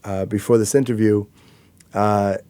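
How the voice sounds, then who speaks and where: Mellow-voiced male podcast host. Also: on the low side, steady tone, a little slow, smooth, no room sound. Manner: reflective, with frequent fillers and restarts. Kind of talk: conversational interview.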